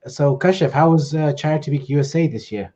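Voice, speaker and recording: A man's voice: on the high side, a little fast, dark tone, highs cut off. A man from the UK co-hosting a casual livestream, laid-back and a little hesitant. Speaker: co-host.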